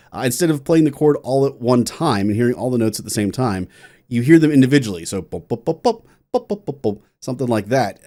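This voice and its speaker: A man, a music teacher, giving an enthusiastic casual reaction and music analysis, explaining theory in plain terms with frequent restarts. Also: mid-range voice.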